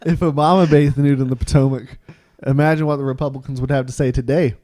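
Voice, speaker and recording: A man's voice: mid-range voice, steady tone, fast talker, warm tone. A man co-hosting a podcast in casual chat, telling stories with dry asides. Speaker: podcast co-host.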